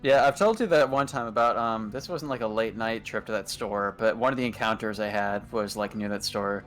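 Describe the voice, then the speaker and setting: A young man in casual chat, telling long rambling stories with a steady stream of filler words. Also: fairly low pitch, brisk, soft background music. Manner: rambling storyteller, heavy on filler "like".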